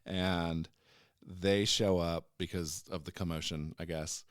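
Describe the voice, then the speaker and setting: A man's voice: deep voice, steady tone, slow, smooth, no echo, clean studio sound. A man co-hosting a podcast, retelling a story in casual chat and breaking into playful silly voices for the characters. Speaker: podcast co-host.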